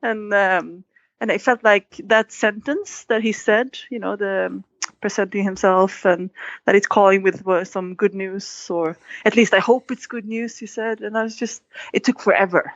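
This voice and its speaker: A woman's voice: mid-range voice, fairly even intonation, normal speed, no echo. A woman guest in an interview, telling a story with animation and acting out quoted lines. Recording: dull, dry sound.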